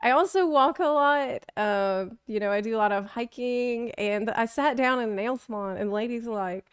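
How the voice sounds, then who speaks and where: A woman's voice: a little high, normal speed, fairly bright tone, clear, resonant tone, no room sound, studio quality. A young woman streamer chatting casually, telling rambling, self-deprecating stories and laughing often. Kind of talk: casual chat.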